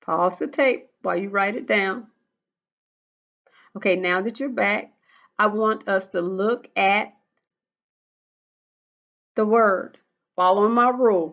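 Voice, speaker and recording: A woman teaching young children in a recorded lesson, speaking slowly and patiently. She drills each rule by repeating it, and her voice comes through a dull, lo-fi recording. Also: medium pitch, a bit bright. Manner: slow, patient, repeats rules in a sing-song drill. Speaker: first grade teacher.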